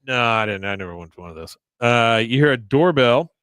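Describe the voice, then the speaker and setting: A man hosts a casual podcast recap of a cartoon episode. He narrates in an ordinary middle-pitched voice and slips into exasperated outbursts, acting out the characters. The recording is dry and close. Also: a little fast, clear, resonant tone, no room sound. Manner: animated, exasperated, acts out quotes. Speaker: podcast host.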